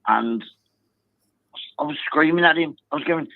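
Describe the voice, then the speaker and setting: Excitable man on a tinny phone line. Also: on the high side, moderate pace, vocal fry, long pauses, no room sound. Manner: excitable, swears, chatty storyteller. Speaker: caller. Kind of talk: phone-in call, storytelling.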